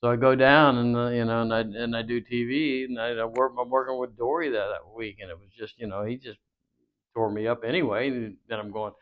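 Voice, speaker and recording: A man's voice: mid-range voice, steady tone, brisk, smooth. A man guest telling long wrestling-career stories in an interview, rambling with many fillers and acted-out dialogue. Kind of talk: storytelling interview. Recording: dull lo-fi audio.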